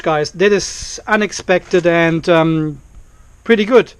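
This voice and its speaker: A man's voice: a little high, a little slow, smooth. A man filming a casual vlog at his home carport, talking to camera in an exasperated, repetitive, ranting way. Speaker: car vlogger.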